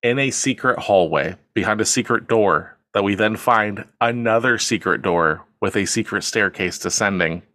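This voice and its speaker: A man's voice: lowish voice, normal speed, hardly any pauses, bright, forceful tone, no room sound, clean studio sound. A man hosting a podcast, casually retelling a film scene by scene and acting out the characters' lines, swearing freely. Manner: storytelling, acts out quotes, swears casually. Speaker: podcast host.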